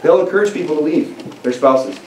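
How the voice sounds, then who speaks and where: A man's voice: a little high, a little fast. Emphatic male preacher in an echoey church. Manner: emphatic, conversational, with frequent restarts and fillers. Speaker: pastor. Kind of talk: sermon. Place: church sanctuary. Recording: echoey church room, mic at a distance, faint hiss.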